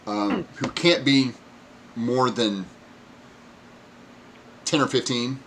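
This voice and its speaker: A man's voice: medium pitch, takes it slowly, pauses often, fairly bright tone, a little hiss or hum. A man narrating a tabletop game as game master, casual and full of fillers as he describes scenes. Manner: casual, many fillers and restarts while describing.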